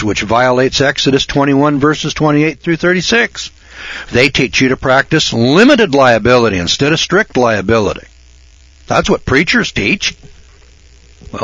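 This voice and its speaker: Husky sixty-nine-year-old man ranting folksy. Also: sing-song, normal speed, no echo. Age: 60s. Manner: folksy, cocky, swings from low mutter to loud shouting. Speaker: radio program host. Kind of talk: preachy radio monologue. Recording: dull lo-fi dry recording.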